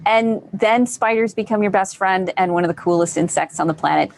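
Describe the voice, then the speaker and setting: An enthusiastic woman hosts a live online session in a casual, encouraging way. She repeats key phrases for emphasis and talks at a mid pitch. A faint hiss of noise sits under her voice. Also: fairly even intonation, fairly quick, gravelly, hardly any pauses. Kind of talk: casual live-stream talk.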